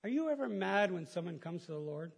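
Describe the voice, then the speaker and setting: A middle-aged pastor preaches in a relaxed, folksy way, chuckling as he goes. His voice sits high and has a husky edge. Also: brisk. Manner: chatty, folksy, laughs at own stories, many restarts. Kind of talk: casual conversational sermon.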